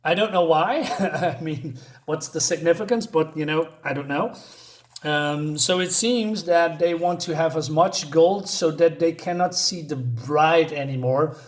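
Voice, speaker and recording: A man's voice: a little high, unhurried. A man casually retelling a comic book story in a hesitant way, with many fillers and restarts.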